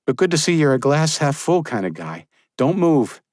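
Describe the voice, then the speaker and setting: A man voicing a fierce, caring young woman medic in an audiobook, raising his voice higher for her. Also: very animated, normal speed, a little mellow, dry recording, studio quality. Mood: urgent, teasing. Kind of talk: audiobook character reading.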